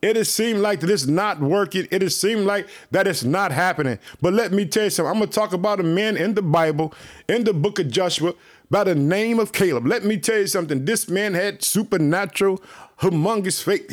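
A man with a high voice preaches an earnest sermon. He keeps coming back to the same rallying phrases and talks straight to his listeners as family. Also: a little fast. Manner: repetitive, exhorting, keeps saying "let me tell you something"; speaks directly to listeners as family. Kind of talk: fervent online sermon.

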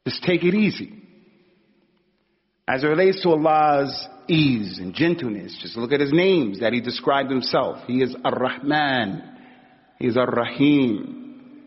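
A man's voice: medium pitch, expressive, measured pace, breathy edge. A man giving an informal sermon in a conversational, slangy way, acting out little stories as he goes. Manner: conversational, street slang, acts out anecdotes. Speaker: preacher. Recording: dull recording with long hall reverb.

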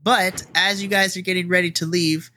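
A man's voice: high voice, level tone, moderate pace, pushed and bright, a little hiss or hum. A man running a tabletop game as game master, laughing often and rambling. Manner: giggly, rambling.

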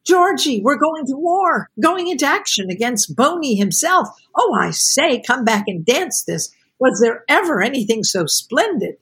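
A woman voicing an excited young male officer who stammers, read from a novel. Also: medium pitch, measured pace, hardly any pauses, husky, full character voice.

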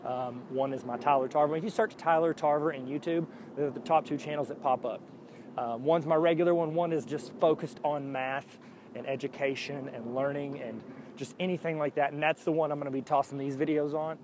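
Brief: male solo podcaster, slightly higher voice, loose self-mocking rambles, faint traffic behind. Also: steady tone, brisk. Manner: jokey, upbeat. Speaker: podcast host. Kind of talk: casual solo podcast monologue.

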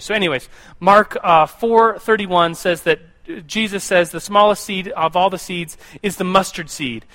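A young American man talks through a casual sermon to a group. His voice sits high and sounds bright and forward. He rambles, stumbles over repeated words and keeps turning to the listeners with questions. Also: steady tone, moderate pace. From United States. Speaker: youth pastor or Bible teacher.

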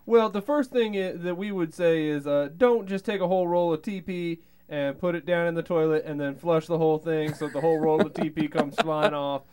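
A man's voice: a little high, fairly quick, few pauses, darkish tone, a little hiss or hum, lightly acted. A man playing a public restroom cleaner who poses as an expert, speaking in a mock-formal, earnest way. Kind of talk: improvised comedy bit.

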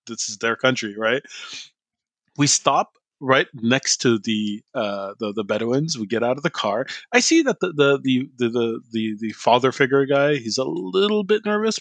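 A man with a mid-range voice, recorded with no room sound, co-hosts a podcast. He comes from an Iraqi family but grew up abroad, and he tells a story in casual chat, animatedly acting out the voices of the people in it.

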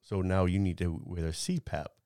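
A man in his fifties with a lowish voice tells a personal story in casual chat. He rambles, restarts his sentences and laughs at himself. The sound is dry and close to the mic. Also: fairly even intonation, moderate pace, mellow, no echo. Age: 50s.

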